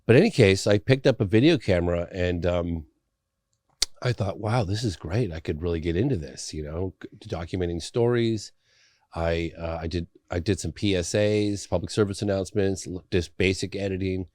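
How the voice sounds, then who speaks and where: A man's voice: low-pitched, normal speed, darkish tone, no room sound. A middle-aged man from England, a documentary filmmaker telling his story in a casual interview, acting out the people he quotes. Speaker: documentary filmmaker, podcast guest.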